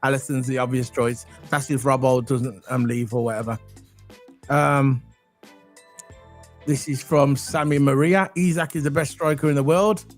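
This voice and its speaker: A man's voice: mid-range voice, steady tone, normal speed, faint music behind. A man from Wales, co-hosting a casual football livestream and chatting in a rambling way straight to his viewers.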